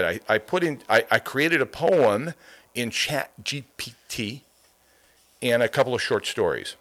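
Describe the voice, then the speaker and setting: Chatty low-voiced male podcast host. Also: fairly bright tone. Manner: chatty, rambling, playful. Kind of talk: casual monologue.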